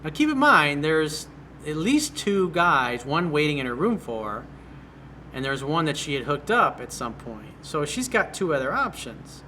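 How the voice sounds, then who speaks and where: Dating coach, male, bright and punchy tone, slightly high voice, talks bluntly. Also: big pitch swings, normal speed, slight background noise. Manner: blunt, direct. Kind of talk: commenting on a viewer's email.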